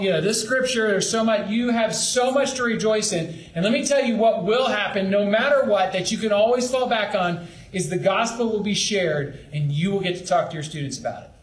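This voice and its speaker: A young man leading a youth ministry training talk, earnest and pleading, acting out little asides. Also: high voice. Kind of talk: training talk to camp leaders. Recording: echoey room with faint background noise.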